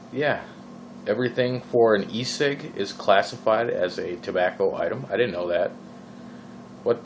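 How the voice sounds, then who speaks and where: A man's voice: on the low side, slight background noise, low-quality recording. A man from Minnesota with a Minnesotan accent, rambling casually in his vlog, full of fillers and exasperated questions. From Minnesota, USA. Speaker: vlogger. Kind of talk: casual vaping vlog rant.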